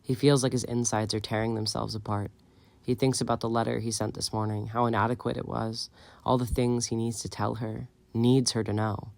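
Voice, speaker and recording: A hoarse man reading a fan fiction audiobook in a soft, steady storytelling manner on a close mic. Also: on the low side, moderate pace, no echo. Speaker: audiobook reader.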